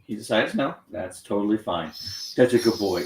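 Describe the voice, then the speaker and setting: A man training a dog on camera, gently encouraging it and explaining each step. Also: fairly low pitch, lively intonation, moderate pace, recorded from a distance. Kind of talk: live training demonstration with explanation. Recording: echoey room, off-mic, faint noise.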